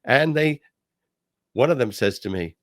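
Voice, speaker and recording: Man, podcast host, casual storytelling, lively sweeping pitch, acts out quoted voices. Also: unhurried, no room sound, clean studio sound. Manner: drops low and quiet on asides.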